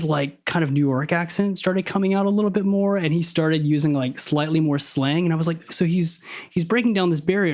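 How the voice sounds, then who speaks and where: A man talking as a podcast guest, over-enunciating his words on purpose and stopping to correct himself as he probes ideas. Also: a little high. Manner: deliberately crisp, over-enunciated diction; analytical, probing, self-correcting. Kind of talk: casual conversation.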